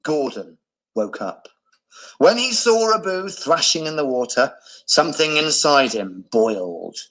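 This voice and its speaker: A male teacher reading a children's picture book aloud, with expressive storytelling. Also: on the high side, unhurried, rough recording.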